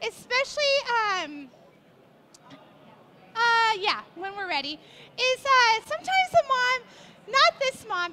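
A middle-aged woman, a portrait photographer, teaching live on a stage at a trade show, cooing at a baby and coaching the family as she shoots. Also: extremely high pitch. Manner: directing the family, warm and encouraging.

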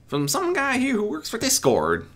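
A man voices a spirited, tough country mare pony who talks bluntly and demands answers. His exaggerated voice is pitched very high, above his own, with wildly swooping pitch, a fairly bright tone and a moderate pace.

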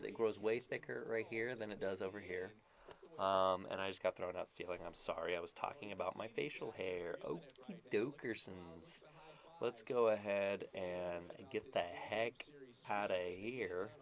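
Excitable jokey man commenting gameplay. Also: sits low. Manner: excitable, jokey trash talk. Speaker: gaming YouTuber.

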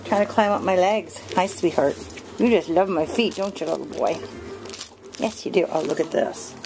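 A woman breeder filming her puppies at home, narrating casually and slipping into high sing-song baby talk. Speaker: dog breeder. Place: indoor room at home with puppies. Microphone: handheld camera mic. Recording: noisy home camcorder recording.

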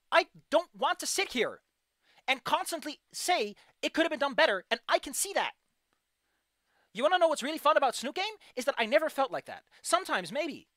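A woman streamer giving a casual, frustrated, ranting critique of a game, with animated outbursts. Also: sits high, no room sound, clean studio sound. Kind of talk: casual livestream commentary.

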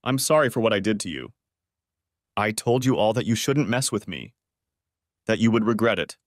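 A man voicing a big prison inmate who apologizes slowly. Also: on the low side, lively intonation, no room sound, studio quality, close to an everyday voice. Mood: apologetic.

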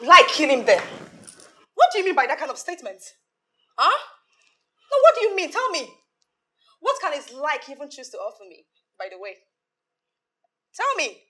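An actress playing a loud, boastful young woman who mocks and shouts at her broke friend, with a Nigerian accent. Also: high-pitched, wildly swooping pitch, moderate pace, long pauses, full character voice. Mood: scornful. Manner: shouting, mocking, laughing scornfully. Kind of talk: Nollywood film acting.

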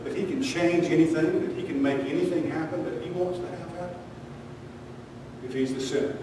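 Emphatic preacher in an echoing church. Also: male voice, fairly high pitch, steady tone, fairly quick, noisy background. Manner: emphatic, rhetorical questions, swings between loud and quiet. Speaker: pastor. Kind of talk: sermon. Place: church sanctuary. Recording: echoey hall recorded from far off.

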